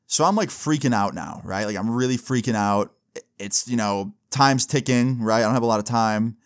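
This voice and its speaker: A man's voice: medium pitch, moderate pace. A young man casually telling a personal story in a loose, profane way, often adding "like" and "right?" as he goes. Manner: loose and profane, with frequent "like" and "right?" tag questions.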